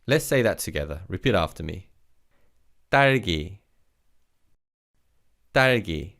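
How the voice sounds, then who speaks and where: A man teaching a recorded vocabulary lesson, leading slow repeat-after-me drills and praising the learner between words. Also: sits low, very animated, creaky, fairly bright tone. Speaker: language teacher.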